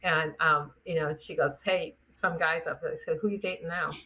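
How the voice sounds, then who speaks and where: A woman's voice: low voice, moderate pace. Chatty middle-aged woman telling stories. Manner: chatty, animated storyteller acting out quotes. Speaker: guest chiropractor. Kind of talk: casual interview storytelling.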